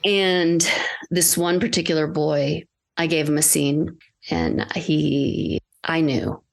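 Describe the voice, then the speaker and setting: A woman guest on a podcast, an acting coach, telling a personal story in an earnest, halting way with restarts. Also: sits low, creaky. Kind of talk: candid personal storytelling in conversation.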